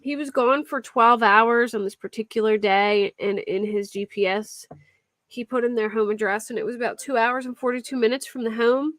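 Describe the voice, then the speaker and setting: A woman's voice: a little high, steady tone, normal speed, a bit bright, no echo. A young woman hosting a casual true-crime live stream, chatting and answering viewers at her desk mic. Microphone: desk mic at a computer.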